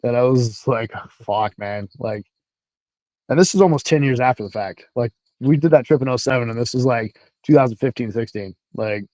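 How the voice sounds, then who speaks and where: A man, an army veteran, telling stories in a casual livestream chat, profane and animated. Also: medium pitch, brisk, no room sound.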